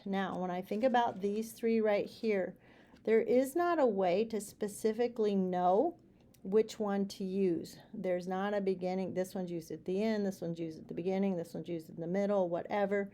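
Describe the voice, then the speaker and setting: Mellow-voiced woman teaching phonics. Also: medium pitch, fairly even intonation. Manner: patient, repeats sounds slowly and clearly. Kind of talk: phonics lesson for students and parents.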